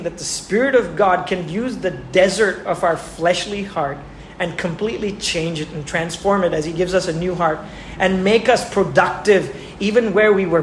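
A man preaching a sermon who asks his listeners questions and repeats words for emphasis. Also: high voice. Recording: echoey room with faint ambient noise.

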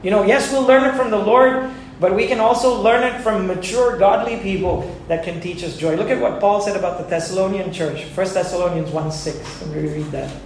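A man's voice: high-pitched, brisk, a little hiss or hum. A male pastor preaching a sermon in an earnest, conversational way, chuckling now and then. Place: church sanctuary. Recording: very echoey church hall.

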